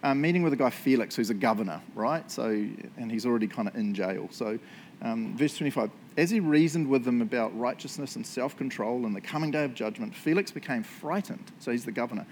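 A man's voice: medium pitch, expressive, brisk, a little mellow, a little hiss or hum. A man preaching a casual sermon, joking often and asking "right?" after points. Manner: chatty, joking, tag questions. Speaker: pastor.

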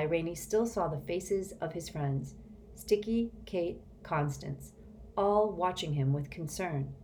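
A woman reads a children's novel aloud in a measured, expressive way. Her voice sits fairly low, and there is a faint hiss behind it. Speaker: audiobook narrator. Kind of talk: scripted audiobook narration.

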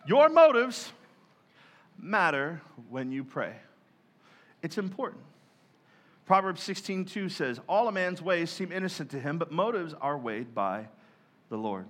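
A male pastor giving a lively sermon, joking and acting out people's prayers in mock voices. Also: medium pitch, moderate pace, pauses often.

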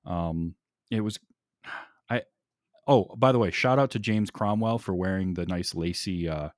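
A man with a lowish voice talks through an old comedy film in loose, enthusiastic chat. He restarts his sentences often and laughs easily. The sound is dry and close. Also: a little slow, no room sound. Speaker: podcast co-host. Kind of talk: casual movie discussion.

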